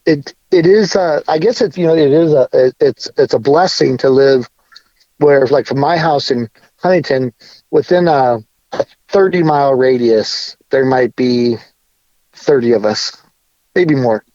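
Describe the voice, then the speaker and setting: A man talking casually as a podcast guest, laid-back and a bit halting. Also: medium pitch, mellow, dry recording. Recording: dull lo-fi audio.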